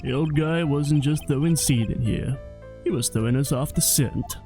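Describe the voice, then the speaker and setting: A man voicing a cool, brooding male prosecutor in a low, slow delivery while playing a game. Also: darkish tone, faint music behind, natural voice.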